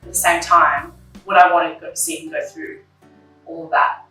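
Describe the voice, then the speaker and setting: A young woman speaks openly in a bright voice, full of likes and ums, often acting out what she and others said back then. She sounds a little off the microphone, in a very echoey room. Faint music plays under her. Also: low-pitched, fairly even intonation, normal speed, distant mic. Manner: candid, emotional, retells her own past dialogue, many likes and ums. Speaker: interview guest. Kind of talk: personal conversation about grief.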